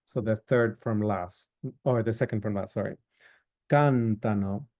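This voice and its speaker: A man teaching a recorded lesson, explaining verb forms slowly with frequent fillers and listing each form one by one. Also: lowish voice, fairly even intonation, darkish tone. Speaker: Italian instructor. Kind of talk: recorded lecture.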